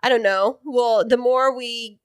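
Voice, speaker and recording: A woman's voice: a little high, fairly even intonation, a little slow, clean tone, no room sound. Playful, giggly woman co-host. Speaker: podcast co-host. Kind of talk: casual chat. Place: home studio.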